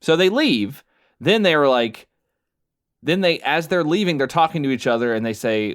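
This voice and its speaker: A man's voice: on the high side, animated, normal speed, fairly bright tone. A man co-hosting a podcast, recapping a film in casual chat with lots of fillers and restarts, often laughing as he talks. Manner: amused, laughs while talking. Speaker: podcast co-host.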